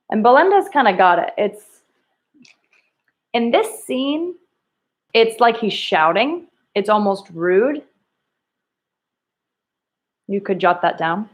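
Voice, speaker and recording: Speaking at a medium pitch, a woman leads a recorded reading lesson for kids. She asks questions slowly and with emphasis, and performs the quoted lines.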